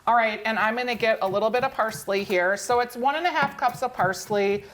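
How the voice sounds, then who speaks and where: A woman's voice: on the high side, a little fast, fairly bright tone. A woman, chatty and upbeat, walking through a cooking demonstration on a TV show. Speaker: cooking segment guest.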